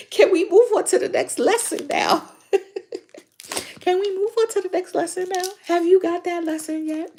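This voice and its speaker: A woman's voice: very high voice, steady tone, a little slow, pauses often, a little mellow, a little hiss or hum, voice pushed up. A woman voicing exasperated spirit guides. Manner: teasing, mock-exasperated questions.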